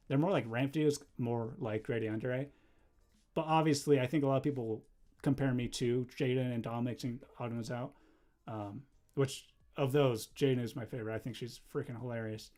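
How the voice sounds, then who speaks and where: A young man chatting casually on a livestream while drawing, rambling and easily distracted, breaking into quick laughs. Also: medium pitch, darkish tone. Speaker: livestreamer and animator.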